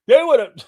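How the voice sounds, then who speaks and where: Middle-aged male host with a lively, high voice, theatrical and laughing in casual commentary. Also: narrow, tinny audio. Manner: animated, theatrical, laughing storyteller. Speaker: host of a call-in livestream.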